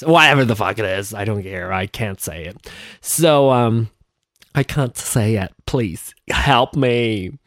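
Worn-out male podcast host, slow and chatty, swings up and down in pitch, dry close-mic sound. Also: expressive, a bit bright, dry recording. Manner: rambling, chatty, self-deprecating, swears offhandedly. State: tired. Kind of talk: casual solo podcast monologue. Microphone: close desk microphone.

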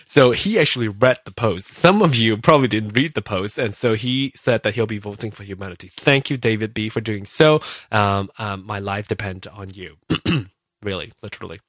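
A man's voice: lowish voice, moderate pace, fairly bright tone, no echo. A man hosting a solo podcast, rambling casually and mocking himself as he reads out listener comments. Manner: rambling and self-mocking, many fillers and restarts. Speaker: podcast host.

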